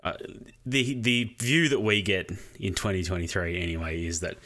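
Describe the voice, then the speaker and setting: A man co-hosting a casual film podcast, giving measured opinions with some hesitation. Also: deep voice, animated, sharp tone. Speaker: podcast co-host. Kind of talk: casual film review chat.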